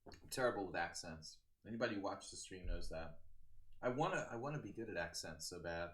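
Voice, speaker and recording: A man with a lowish voice talks through his games on a live chess stream. He keeps it loose and casual, cracking jokes and bantering with his viewers between moves. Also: lively intonation, fairly quick, fairly bright tone, slight background noise. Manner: joking banter with chat.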